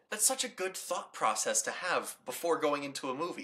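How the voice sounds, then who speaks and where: Bright, lively young man reviewing movies. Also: fairly high pitch, a little fast, few pauses. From United States. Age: young adult. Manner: enthusiastic and rambling, with many repeated "like"s and restarts. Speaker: host of a movie review channel.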